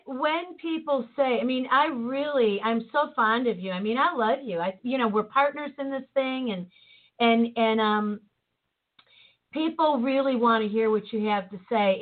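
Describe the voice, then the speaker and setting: A woman podcast host tells a story in a lively, animated way during casual chat, acting out the voices of the people in it. Her voice is a little high, and the audio sounds tinny, like a phone line.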